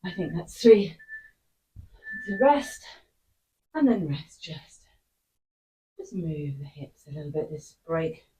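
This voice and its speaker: A woman's voice: medium pitch, mellow, slight background noise. A woman coaching a workout follow-along, out of breath, giving short encouraging cues between efforts. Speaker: fitness instructor. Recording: voice picked up from a distance.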